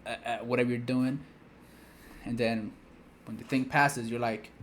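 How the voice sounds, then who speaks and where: A man's voice: medium pitch, fairly even intonation, a little slow, pauses often, fairly bright tone, slight background noise. A man giving casual reaction commentary on a manga, rambling with slang, "you know" fillers and frequent restarts.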